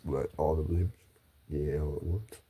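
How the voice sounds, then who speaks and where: A man's voice: very deep voice, steady tone, moderate pace, mellow, slightly rough. A man rambling through a solo monologue, swearing, restarting and apologizing often.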